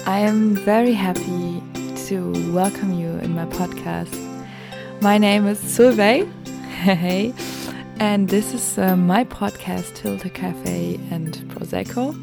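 Slow, gravelly-voiced German woman podcaster. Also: medium pitch, music in the background. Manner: slow, reflective, many ums. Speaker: podcast host. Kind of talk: solo podcast monologue.

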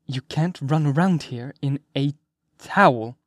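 A man's voice: medium pitch, unhurried, dry recording, clean studio sound, close to an everyday voice. A man voicing a domineering woman head nurse who scolds sharply like a teacher. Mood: scolding.

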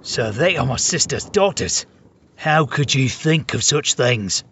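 An actor playing a polite, composed, firm monk in an audio drama. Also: male voice, mid-range voice, lively intonation, unhurried, a bit bright, a little hiss or hum. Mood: protective. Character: calm, dignified older male monk. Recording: dull lo-fi recording.

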